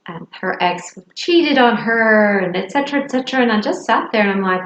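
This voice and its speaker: A woman shares a personal story straight to the camera, reflective and a little halting, with soft laughs between thoughts. Her voice sits in a middle range. The room is echoey with a faint hiss behind her. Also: medium pitch, lively intonation. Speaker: vlogger. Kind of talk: personal confessional vlog.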